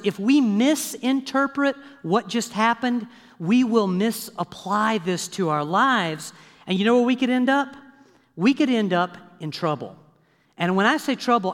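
A man preaching a sermon as pastor, lively and conversational, checking in with the congregation with frequent asides. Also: high voice. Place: church sanctuary. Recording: long hall reverb.

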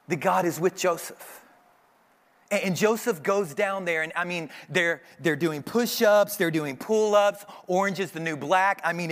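A man preaching a sermon to his church, telling a story with lively acted-out voices. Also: sits high. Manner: animated storytelling, acting out voices. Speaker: pastor.

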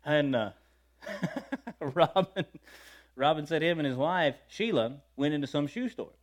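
A male preacher telling stories in a sermon in a folksy, conversational way, swinging between loud and quiet and often laughing. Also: a little high, a little slow. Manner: lively storytelling with wide swings in loudness and frequent laughter. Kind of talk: storytelling sermon.

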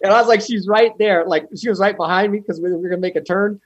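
A man from the United States telling animated stories in an interview, acting out the people he met with quoted lines and laughter. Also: high voice, very fast, breathy edge, lo-fi sound. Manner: animated, retells encounters with quoted dialogue and laughs. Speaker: guest, ultrarunner. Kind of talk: storytelling in an interview.

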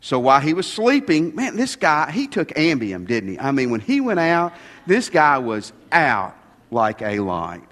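A man's voice: on the high side, wildly swooping pitch, measured pace, fairly bright tone, long reverb tail. A man preaching a sermon as pastor, with folksy, joking asides.

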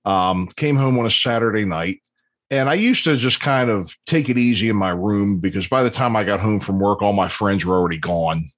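A man's voice: fairly low pitch, normal speed, no echo. A man in his fifties telling long, rambling stories in casual chat, with plenty of ums and restarts. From Baltimore area, USA. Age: 50s.

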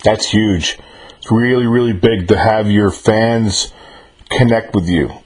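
A man in his fifties hosts a relaxed interview, backing up his guest with warm agreement. His voice sits a little low, and he circles back over his words while he finds them. It sounds like a radio broadcast. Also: a little slow, slightly rough. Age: 50s. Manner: affirming, repeats himself while searching for words. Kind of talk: casual interview.

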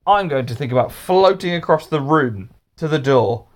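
A confident, matter-of-fact young schoolboy, voiced by a man reading a storybook. He speaks plainly, pitched a little above the narrator. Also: animated, normal speed, close to an everyday voice.

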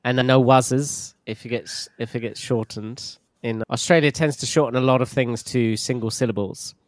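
A man, an English teacher, casually explaining slang and acting out short everyday phrases in a relaxed way. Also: medium pitch, brisk, no room sound.

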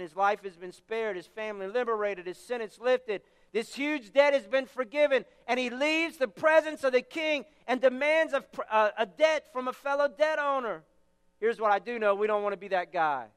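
A man's voice: very high-pitched, fairly bright tone, clean tone, long reverb tail. A man preaching a sermon as pastor, stressing his points by repeating phrases.

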